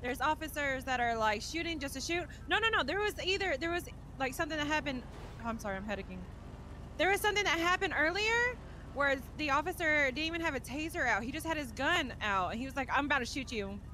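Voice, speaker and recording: Frustrated high-voiced woman. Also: expressive, fast, pushed and bright, a little hiss or hum. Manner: frustrated, repeats herself insistently. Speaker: gang member in a role-play. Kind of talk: game role-play chat.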